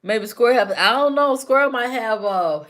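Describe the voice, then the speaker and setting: A woman's voice: fairly high pitch, animated, normal speed, fairly bright tone. A woman hosting a casual live stream, talking back to her chat commenters by name with teasing, repetitive banter.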